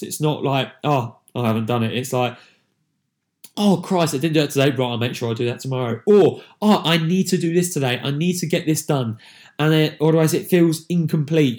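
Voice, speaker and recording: A man's voice: a little high, darkish tone. A man, a fitness coach giving a chatty, rambling motivational talk to camera, digressing and joking about himself.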